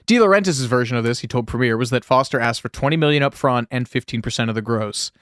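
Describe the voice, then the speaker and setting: A man's voice: mid-range voice, fast talker, a bit bright, clear, resonant tone, dry recording, studio quality. A man co-hosting a casual podcast, reading out film history with wry, sarcastic asides. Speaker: podcast co-host.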